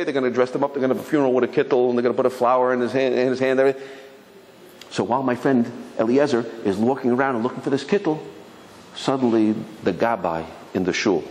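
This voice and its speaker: A man, a rabbi, telling a story to his congregation in a lively sermon style, acting out the voices of the people in it. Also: mid-range voice. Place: synagogue hall. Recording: long hall reverb, faint ambience.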